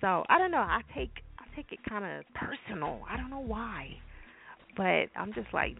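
A woman's voice: lively intonation, moderate pace, vocal fry. A woman hosting a call-in radio show, talking in a blunt, profane, chatty way. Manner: acts out voices in high squeaky tones. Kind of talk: casual call-in radio talk. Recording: tinny phone-line sound with music behind.

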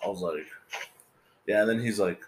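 A man's voice: fairly low pitch, moderate pace, echoey room, background noise. A man hosting a podcast in casual, profane chat, rambling and acting out what his friends said. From California. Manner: rambling, swears a lot, acts out quoted friends. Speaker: podcast host.

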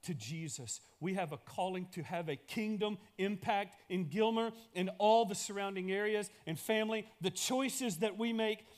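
A man's voice: high voice, moderate pace, hardly any pauses. A male pastor delivering a sermon in a church, building emphasis through repeated phrases.

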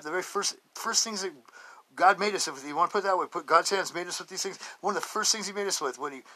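A man's voice: on the high side, pushed and bright. A man hosting his own podcast, rambling through a casual, joking monologue, laughing often and drifting between stories and life advice. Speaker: podcast host.

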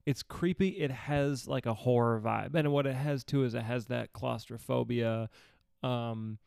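A man's voice: mid-range voice, measured pace, creaky, a little mellow, clean tone, no room sound, studio quality. A young man co-hosting a podcast, chatting casually and rambling about a TV show, swearing and teasing now and then. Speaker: podcast co-host. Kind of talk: casual chat reviewing a TV show.

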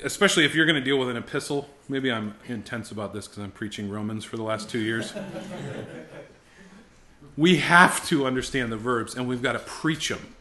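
Male ministry instructor, middle-aged, sharp bright voice, fervent classroom delivery, repeats himself as he builds. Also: mid-range voice. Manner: intense, emphatic, rising to fervent exhortation; frequent word repetitions and restarts. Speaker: ministry school teacher. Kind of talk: classroom teaching on preaching.

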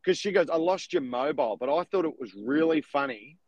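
A young man, a real estate agent and podcast co-host, telling stories in an animated, casual way. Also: fairly high pitch, brisk, dry recording, lo-fi sound. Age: young adult. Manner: animated storytelling with laughs. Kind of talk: casual chat.

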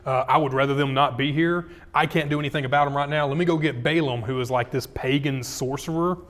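A man's voice: medium pitch, fairly even intonation, fast, a bit bright, lightly acted. Preacher doing a worried pushy king, chatty slang, echoey hall.

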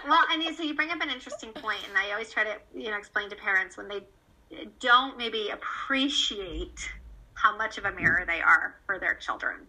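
Female interview guest, a mother; earnest, animated, loose with fillers; bright, tense tone. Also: mid-range voice, fairly quick, poor audio. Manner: earnest, animated storyteller with many fillers and restarts. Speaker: guest, parent of a child cancer survivor. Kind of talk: candid conversational interview.

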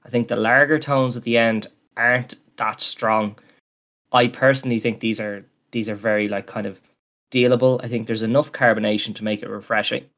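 A man's voice: medium pitch, fairly even intonation, a little fast, a bit bright. A man co-hosting a podcast, talking in a rambling, enthusiastic way with many fillers. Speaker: podcast co-host. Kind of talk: casual chat.

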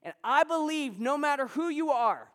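A man's voice: very high voice, expressive, normal speed, fairly bright tone, in a large hall. A male pastor preaching a sermon to a congregation at a church service, talking loosely and conversationally with restarts and asides to the room.

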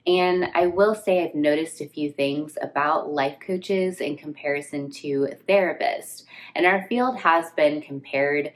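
A woman's voice: sits low, unhurried, few pauses, low-quality recording. A woman hosting her own podcast, talking in an earnest, reflective way, her voice nasal and congested from illness. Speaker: podcast host. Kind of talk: casual solo podcast talk.

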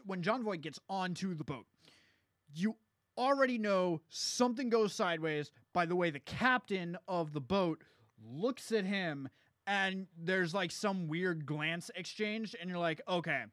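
A man's voice: high-pitched, animated, a bit bright, dry recording, studio quality. A man co-hosting a casual movie review chat, swearing and telling the plot in a laid-back way. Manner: swearing, laid-back storytelling, quick asides. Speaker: podcast co-host.

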